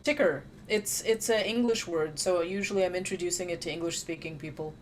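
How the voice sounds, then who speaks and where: A woman's voice: on the low side, fairly quick, a little hiss or hum. A woman in a class, earnestly explaining how she teaches a pronunciation. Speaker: student. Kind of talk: discussion in a class.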